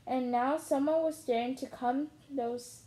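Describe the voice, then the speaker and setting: A woman reading a children's book aloud in a steady way, with small slips and restarts. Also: sits high, measured pace, poor audio. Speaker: storyteller.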